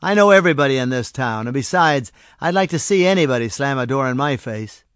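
A man's voice: mid-range voice, animated, brisk, no echo, studio quality, lightly acted. A man doing a bitter, frustrated young clerk. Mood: scoffing. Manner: loud, bitter and scoffing.

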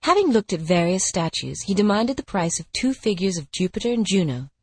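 Husky female fable narrator, lively delivery, dry recording. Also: mid-range voice, fairly quick, dry recording. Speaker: fable reader. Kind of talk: storybook narration.

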